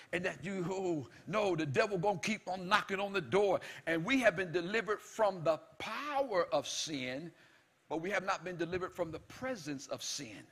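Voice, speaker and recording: Male preacher, high bright husky voice, emphatic and shouting, repeats phrases, speaks God's lines in dialogue. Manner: emphatic, repetitive, often shouting. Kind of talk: sermon.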